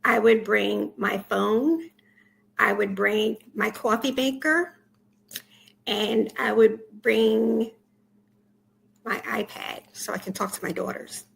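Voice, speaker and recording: A woman guest on a podcast, giving brief, soft-spoken answers over a video call. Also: mid-range voice, fairly even intonation, slow pace, creaky, long pauses, rough recording. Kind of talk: casual interview answers.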